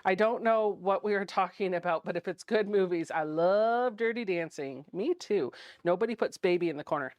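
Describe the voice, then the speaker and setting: A woman's voice: mid-range voice, normal speed, few pauses, dry recording. A woman in her thirties hosting a chatty livestream from her home sewing room, giggling often and reading viewer comments aloud. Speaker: livestream host.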